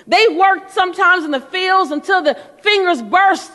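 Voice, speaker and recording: Lady doing her old grandma, high voice, loving but firm, repeats herself, big hall echo. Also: moderate pace. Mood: coaxing. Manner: warm, coaxing, repeats her lesson.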